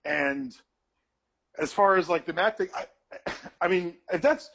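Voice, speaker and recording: Male podcast co-host, high voice, wry asides. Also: a little slow, vocal fry, a bit bright. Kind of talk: casual chat reviewing a TV show.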